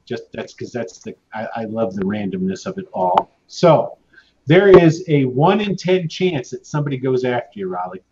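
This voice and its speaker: A man's voice: medium pitch, very animated, moderate pace. A man narrating as game master of a tabletop game, casual and rambling with lots of fillers and restarts. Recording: muffled lo-fi audio with clear background noise.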